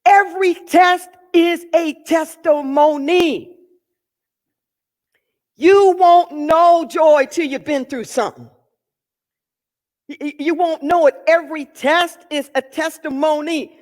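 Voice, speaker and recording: A woman's voice: sits high, takes it slowly, long pauses, darkish tone, in a large hall. A woman minister giving a sermon, emphatic and repeating key phrases for weight.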